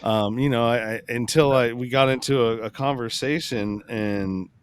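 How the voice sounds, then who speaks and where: A male podcast host in loose political conversation, talking in rambling bursts full of restarts. His voice sits at an ordinary middle pitch. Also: normal speed, clear, resonant tone. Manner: rambling, restarts, animated retelling. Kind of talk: casual political chat.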